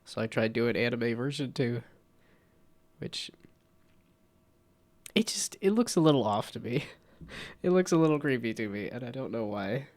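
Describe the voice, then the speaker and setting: A man's voice: medium pitch, lively intonation, normal speed, pauses often. A man chatting casually on a live stream while he works, congested from a cold, rambling and self-deprecating with frequent laughs.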